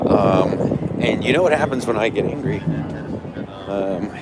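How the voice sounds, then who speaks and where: A man's voice: fairly low pitch, measured pace. Brash ranting man on a noisy street. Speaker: livestream host. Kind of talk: walking livestream vlog. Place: outdoors around a stadium. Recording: noisy outdoor street sound.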